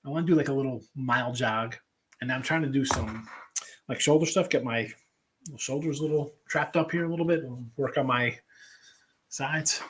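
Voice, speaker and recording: A man's voice: medium pitch, moderate pace, a bit bright, slight background noise. A middle-aged man hosting a live sports betting show, chatting loosely with viewers and rambling as he thinks aloud. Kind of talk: casual live-stream chat.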